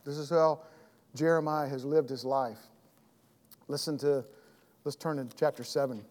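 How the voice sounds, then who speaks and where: A man's voice: mid-range voice, fairly even intonation, a little slow, a little mellow, long reverb tail. A man teaching an evening Bible class with earnest emphasis, often restarting and repeating phrases while his throat keeps catching. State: throat trouble, clearing his throat.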